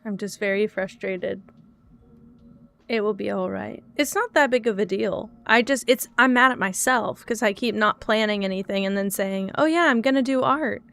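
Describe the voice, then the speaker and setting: With a medium-pitched, fairly bright voice and some vocal fry, a young woman streamer talks to her viewers at a moderate pace. The live-stream chat is casual, though she sounds frustrated and self-critical about her problems.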